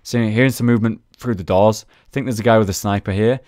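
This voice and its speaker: A man's voice: lowish voice, steady tone, fast talker, darkish tone, no echo, clean studio sound. A young man chatting casually over gameplay footage, recapping rounds and swearing freely. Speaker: gaming video host.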